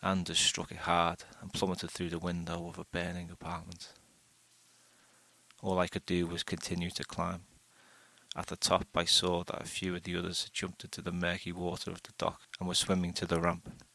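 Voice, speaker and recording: A man reading a first-person short story aloud in a steady, unhurried way. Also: low-pitched, gravelly, no room sound. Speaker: audiobook narrator.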